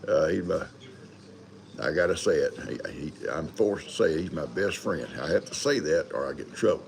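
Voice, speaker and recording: With a rumbling low voice that's expressive and touched by vocal fry, this older livestream host speaks at a moderate pace. He rambles folksily through casual live chat, welcoming viewers individually.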